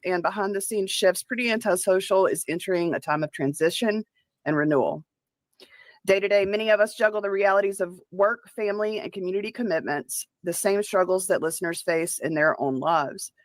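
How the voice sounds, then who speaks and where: A woman reading a scripted statement about her show in a measured, formal way. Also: medium pitch, dry recording. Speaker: show announcer.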